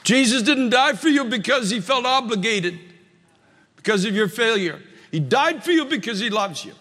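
Older man preaching, high voice, hall reverb. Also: sharp tone. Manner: earnest, emphatic preaching with repeated phrases. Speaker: pastor. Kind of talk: sermon.

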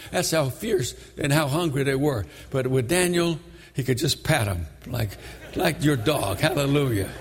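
An older man preaching a sermon, telling the story dramatically and shouting high when he voices its characters. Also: slight background noise. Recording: long reverb of a large hall.

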